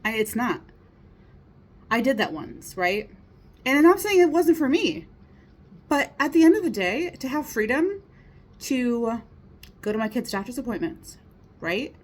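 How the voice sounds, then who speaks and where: A woman's voice: a little high, very animated, measured pace, pauses often. A woman in her thirties giving a casual motivational talk, earnest and encouraging, often checking in with her listeners. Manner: earnest, encouraging, many rhetorical "right?" asides. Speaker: motivational speaker.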